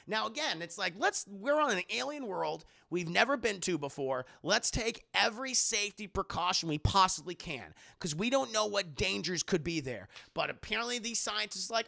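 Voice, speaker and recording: Streamer guy w a gravelly, kinda high voice, swearing and rambling at his chat about a movie. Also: lively intonation, normal speed, few pauses, bright, forceful tone. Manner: profane, rambling, keeps addressing chat. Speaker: streamer reviewing a film. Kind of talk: casual spoiler recap to a live chat.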